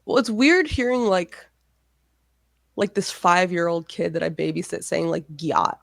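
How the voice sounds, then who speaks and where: A woman's voice: fairly low pitch, animated, moderate pace, gravelly, dry recording, clean studio sound. A young woman co-hosting and editing a podcast, chatting casually with wry, opinionated asides. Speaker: podcast co-host and editor. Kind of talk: casual chat.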